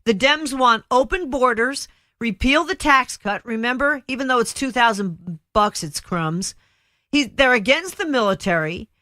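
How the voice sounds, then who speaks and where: A woman's voice: on the high side, expressive, normal speed, bright, forceful tone, no room sound. A woman hosts a political talk radio show in a chatty, emphatic way. She rambles from one point to the next. The recording is dry and close. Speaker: radio host.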